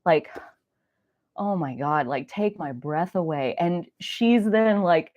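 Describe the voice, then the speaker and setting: Low-voiced woman chatting casually. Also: slow pace, no echo. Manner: rambling, animated storytelling with frequent "like" and mild swearing. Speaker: astrology podcast host. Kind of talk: casual solo chat.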